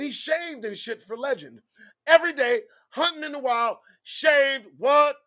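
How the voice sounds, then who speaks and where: Hosting his own show, this man speaks in a very high-pitched voice, captured dry. He delivers an animated, foul-mouthed commentary that keeps throwing out rhetorical questions.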